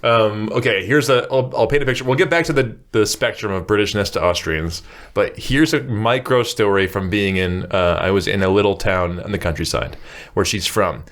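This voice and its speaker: American male host, lowish voice, animated storyteller, laughs a lot. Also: moderate pace, hardly any pauses. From United States. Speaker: podcast host. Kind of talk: casual podcast chat.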